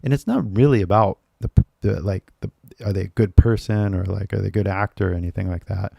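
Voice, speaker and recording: A man's voice: sits low, steady tone, fast talker, gravelly, dark tone, dry recording, studio quality. A man, teaching English in a casual live stream. He chats loosely, laughs often and switches languages mid-sentence.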